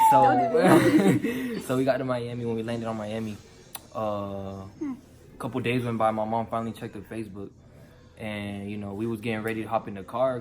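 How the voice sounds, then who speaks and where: Laid-back teen guy. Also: lowish voice. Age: teens. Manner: laid-back, slangy, quotes his parents. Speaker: vlogger telling his story. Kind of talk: casual storytelling.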